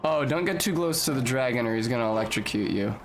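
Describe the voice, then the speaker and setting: A woman's voice: a bass voice, animated, soft background music. A young woman streaming a video game, chatting casually with her audience, joking and swearing freely. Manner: joking, swears freely, quick asides to chat. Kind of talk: casual gameplay commentary.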